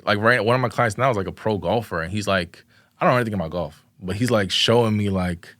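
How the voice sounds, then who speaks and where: A young man with a somewhat low voice spins a loose, slangy story full of "like" and acted-out quotes. His sound is close and dry, with almost no room around it. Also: fast, a bit bright, dry recording. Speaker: podcast guest, videographer. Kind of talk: casual interview chat.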